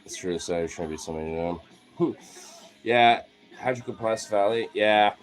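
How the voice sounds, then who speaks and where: A young man chatting playfully to his pet dogs, sliding into high cooing pet talk. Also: normal speed, soft background music. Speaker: dog owner vlogger.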